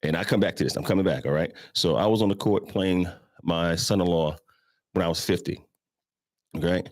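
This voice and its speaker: A man's voice: deep voice, fairly quick, darkish tone, dry recording, clean studio sound. A man in his fifties hosting a show, telling stories in a loose, chatty way and talking straight to his listeners. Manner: loose and conversational, addresses listeners as y'all, acts out voices. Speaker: host. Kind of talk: casual storytelling monologue.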